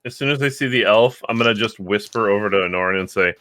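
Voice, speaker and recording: A man's voice: lowish voice, fast, pushed and bright, no room sound, studio quality. A man playing a tabletop game with friends, joking sarcastically in casual chat.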